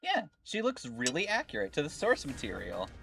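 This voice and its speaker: A man's voice: fairly high pitch, wildly swooping pitch, fairly quick, creaky, fairly bright tone, faint music behind. A man streaming a game, joking around in casual banter and laughing often.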